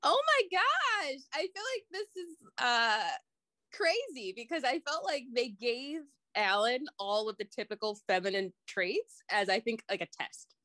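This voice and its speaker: A woman's voice: fairly high pitch, lively intonation, a little slow, a bit bright, no room sound. A young adult woman co-hosting a podcast, chatting playfully, laughing often and acting out quotes. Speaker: podcast co-host. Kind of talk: casual chat.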